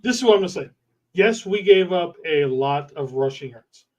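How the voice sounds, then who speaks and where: A man's voice: on the high side, expressive, moderate pace. A man co-hosting a casual sports podcast over an internet call, laying out his points and asking rhetorical questions. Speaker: podcast co-host. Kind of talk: casual sports analysis chat. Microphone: internet call mic. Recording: dull distant internet call audio.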